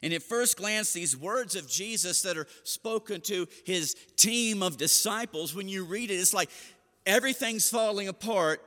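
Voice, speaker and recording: Middle-aged male pastor, storytelling sermon, lively quoted voices, reverberant church. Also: sits high, moderate pace. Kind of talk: seated sermon. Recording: long hall reverb.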